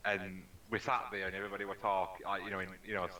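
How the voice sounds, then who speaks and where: A man's voice: low-pitched, level tone, quick pace, pushed and bright, slight background noise. A man, co-hosting a paranormal livestream in easygoing casual chat, laughing often and giving short agreements. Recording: voice distant from the mic.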